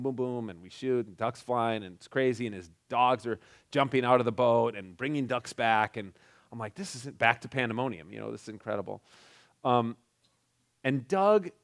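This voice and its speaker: Rambling middle-aged man telling a story. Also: mid-range voice. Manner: halting, many restarts and "like" fillers. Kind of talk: casual personal storytelling.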